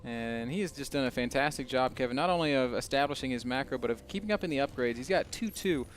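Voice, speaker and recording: A man co-casting an esports match, relaxed and analytical, thinking aloud with fillers. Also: mid-range voice, quick pace, slight background noise. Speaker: esports co-caster. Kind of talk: analytical game commentary.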